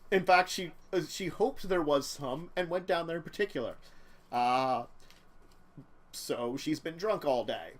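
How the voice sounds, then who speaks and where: Halting, relaxed male game master. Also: on the high side. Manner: relaxed, halting with many fillers. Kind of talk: narrating a tabletop game.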